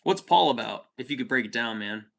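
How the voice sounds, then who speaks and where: Streamer, male, thirties, bright tense voice, rambling and profane, calls everyone dude. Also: medium pitch, animated, brisk, vocal fry. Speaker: livestream host reading chat. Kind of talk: casual chat.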